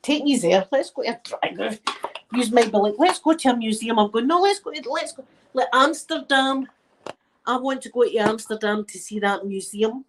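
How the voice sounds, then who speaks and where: With a noisy background behind her, a Scottish woman with a somewhat high voice talks at a moderate pace to her viewers. She's a live chat host in her living room, casually telling stories and laughing often.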